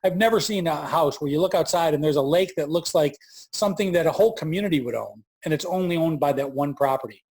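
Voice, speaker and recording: A man's voice: a little high, fast talker. A man in his forties, an entrepreneur guest telling a story in a casual interview from his farm, acting out the voices of people he quotes. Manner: animated storyteller who acts out quoted voices.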